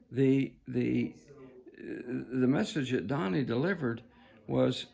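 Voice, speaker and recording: A man with a very gravelly, rough-edged voice delivers a fervent commentary monologue. He leans on his words and exhorts his listeners, calling them "folks" like a preacher. His tone stays husky throughout. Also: medium pitch, darkish tone. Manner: emphatic, preachy, repeatedly addresses "folks". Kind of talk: political commentary monologue to camera.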